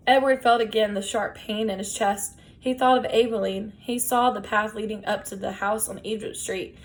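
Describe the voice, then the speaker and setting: A woman reading a children's novel aloud in a gentle, measured storytelling voice. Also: mid-range voice, steady tone. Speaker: audiobook reader.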